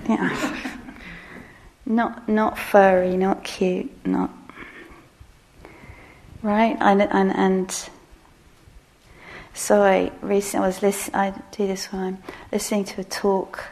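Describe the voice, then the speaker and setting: A middle-aged woman giving a relaxed meditation talk, soft-spoken and self-deprecating with frequent laughter. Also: mid-range voice, slow pace, long pauses. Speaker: meditation teacher.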